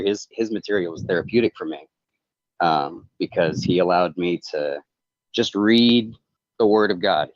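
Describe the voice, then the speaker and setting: A man talking earnestly and casually on a livestream call, halting and rambling with many restarts. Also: low voice, no room sound. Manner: earnest, confessional. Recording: dull, dry lo-fi call audio.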